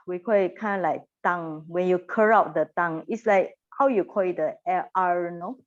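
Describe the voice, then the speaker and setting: A woman's voice: fairly low pitch, moderate pace, highs cut off. A woman teacher, leading a classroom pronunciation lesson and patiently repeating sounds for her class to echo.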